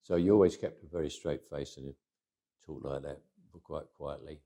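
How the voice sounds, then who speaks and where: A man's voice: very deep voice, moderate pace, gravelly, dark tone. An older man with a Cockney accent, telling stories from his life in an interview, often chuckling and restarting phrases. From England. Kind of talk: reflective interview storytelling.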